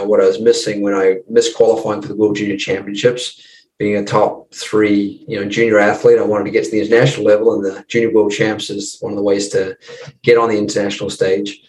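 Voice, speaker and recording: A man in his forties with a New Zealand accent, a podcast guest telling his story in relaxed casual chat, full of "you know". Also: on the low side, reverberant, recorded from a distance, rough recording. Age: 40s.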